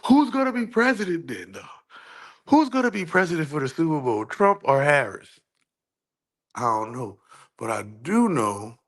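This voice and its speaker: A man with a New Orleans accent hosting a casual commentary vlog, rambling and animated, climbing into incredulous squeaks. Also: vocal fry, breathy edge. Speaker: vlog host.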